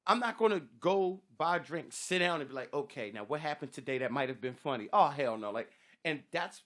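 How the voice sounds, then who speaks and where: A man's voice: on the high side, fairly bright tone. A man, a stand-up comedian, talking in a loose, swearing podcast chat and acting out other comics' voices. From Sacramento area, California.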